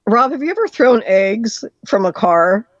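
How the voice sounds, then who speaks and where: A caller tells a long story over the phone, lively and animated, putting on the voices of the people in it. The voice sits at a mid pitch. The sound is dull and dry, like a phone line. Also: a little slow, no room sound. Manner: lively storyteller acting out quoted lines. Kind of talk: telling a story on a call-in show. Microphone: phone call.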